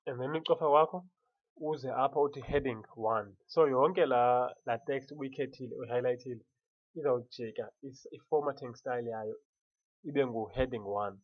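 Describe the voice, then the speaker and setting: Halting Xhosa-accented man teaching software. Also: mid-range voice, no echo, lo-fi sound. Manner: mixes Xhosa and English, halting with many restarts. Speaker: software tutorial instructor. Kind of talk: screen-recorded software tutorial.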